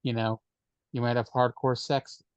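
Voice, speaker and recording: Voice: medium pitch, little pitch movement, unhurried, clear, resonant tone, no echo. A podcast co-host in casual chat, speaking dryly and hesitantly with many fillers. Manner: dry, hesitant, lots of fillers.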